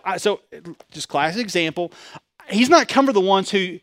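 A pastor preaching a sermon with animated delivery, asking the congregation rhetorical questions and pushing his voice up loud. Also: sits high, a little fast, no room sound, studio quality.

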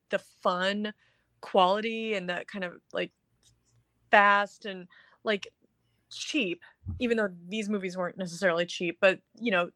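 A woman's voice: medium pitch, fairly bright tone, no room sound. A woman co-hosting a casual movie review chat, talking enthusiastically and rambling with lots of filler words. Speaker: podcast co-host.

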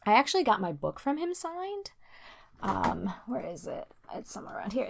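A young woman co-hosting a relaxed podcast, rambling with plenty of fillers. Her voice has a gravelly fry to it, and laughter keeps breaking through her chat. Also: a little high, moderate pace, background noise. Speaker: podcast co-host. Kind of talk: casual chat.

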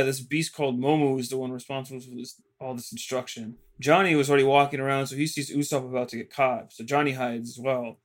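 A man co-hosting a podcast, casually recapping episodes in a loose, rambling way full of fillers and quickly paraphrased quotes. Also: mid-range voice, a bit bright. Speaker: podcast co-host.

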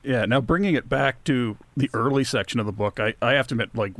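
A man's voice: medium pitch, quick pace, a bit bright. A man co-hosting a podcast, asking long, searching questions filled with hedging fillers. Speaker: podcast co-host. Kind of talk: casual podcast interview.

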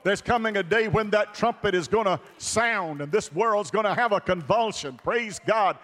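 A man preaching a sermon with fervor, dropping to a hush and then rising to shouts. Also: sits high, moderate pace. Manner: fervent, swings from hushed to shouting. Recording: long hall reverb of a church.

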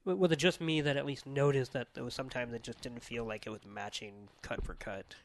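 A man's voice: mid-range voice, steady tone, fairly quick, no echo. A man in casual podcast talk, asking about a movie with many fillers and hesitations. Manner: hesitant, filler-heavy questions. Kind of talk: casual film discussion.

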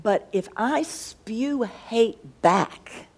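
A woman's voice: a little high, lively intonation, drawn-out words, breathy edge. Rambling woman thinking aloud. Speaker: schoolteacher and co-host. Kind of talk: casual faith discussion.

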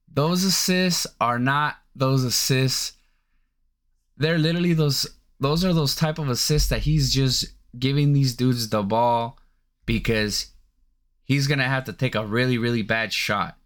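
A man hosting a sports podcast, ranting casually and profanely with incredulous outbursts. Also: mid-range voice. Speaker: podcast host.

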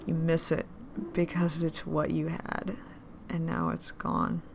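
A woman playing a drunk, grieving woman, gravelly and slow. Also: low-pitched, little pitch movement, background noise, full character voice. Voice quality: drunken, swings between whispering and raised voice. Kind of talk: audio drama monologue.

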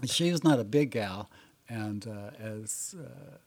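A man's voice: lowish voice, slow. Older man telling stories. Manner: laughs often while telling stories, many fillers. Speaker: interviewee. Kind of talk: casual storytelling.

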